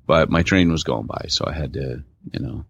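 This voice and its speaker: A man's voice: a bass voice, normal speed, vocal fry, a bit bright, husky, dry recording. A man co-hosting a podcast, telling stories in casual chat with laid-back slang over a remote call mic. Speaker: podcast co-host. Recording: dull lo-fi dry audio.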